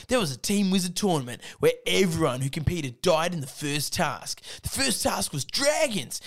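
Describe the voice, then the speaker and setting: A man voicing a brash, defensive Australian schoolboy wizard in a shrill, shouting voice with an Australian accent. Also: exaggerated voice.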